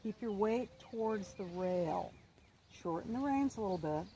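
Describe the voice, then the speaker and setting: A woman instructor talks a rider through an outdoor lesson, calm and encouraging. Her voice sits at a middle pitch. Faint outdoor sounds of birds and animals drift behind her. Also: moderate pace, slight background noise. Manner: calm, encouraging, reassuring coaching. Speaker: riding instructor. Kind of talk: outdoor riding lesson coaching. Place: outdoor riding arena.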